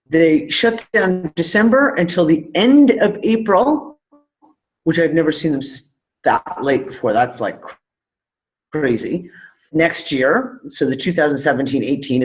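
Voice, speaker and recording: A man co-hosting a live online talk show, casual and loose, trailing off mid-thought and swearing freely. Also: fairly high pitch. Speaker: podcast co-host. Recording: dull lo-fi call audio.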